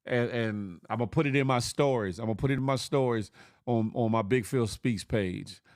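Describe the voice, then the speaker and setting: A man's voice: medium pitch, normal speed, no echo, studio quality. A male morning show host chatting casually on a livestream, joking in slang and greeting viewers by name.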